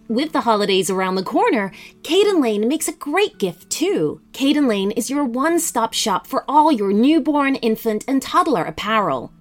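A woman host with a slightly high voice reads a sponsor spot and then narrates a children's story. Her delivery is gentle and expressive, in a classic read-aloud style.

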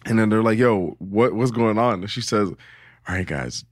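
A young man with a lowish voice spins a rambling travel story for his podcast co-hosts. He swears freely and breaks into laughter, and the recording is dry and close. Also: moderate pace, no echo. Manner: animated storyteller, laughs often, heavy swearing. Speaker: podcast co-host. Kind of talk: casual storytelling chat.

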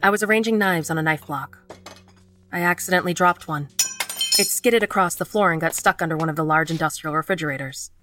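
A woman with a fairly low voice reads a first-person horror story. Her telling is measured and tense, with faint music underneath. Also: recorded from a distance. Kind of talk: scripted first-person narration.

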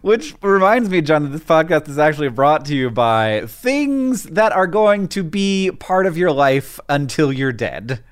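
A man co-hosting a podcast in casual chat, playful and excitable, often jumping high in pitch. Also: measured pace, hardly any pauses, smooth. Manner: excitable, swings from high to low; playful, joking. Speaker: podcast co-host.

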